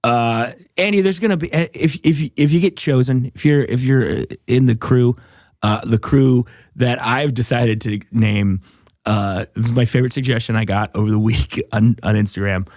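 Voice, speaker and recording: A man's voice: medium pitch, normal speed, a little mellow, no room sound, clean studio sound. A man hosting a casual podcast chat, rambling loosely, swearing freely and laughing often. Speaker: podcast host.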